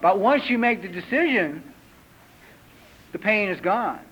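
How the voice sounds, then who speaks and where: Captured on a dull lo-fi 1980s tape with faint hiss, a recovery meeting speaker in his fifties shares his story in a retreat hall. His voice is high and husky and his pace measured, and he brings the tale alive by acting out characters in raised voices.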